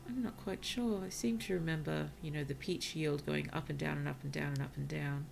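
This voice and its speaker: A tired woman streamer gently chatting with her viewers during gameplay, softly spoken and often dropping to a whisper. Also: low voice, fairly even intonation, a little fast, creaky, a little hiss or hum. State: tired, yawning. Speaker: virtual streamer. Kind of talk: casual gameplay commentary to chat.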